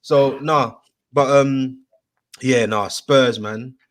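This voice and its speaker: A man hosting a casual football chat, telling stories in an animated, slangy way with lots of fillers. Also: medium pitch, extremely slow.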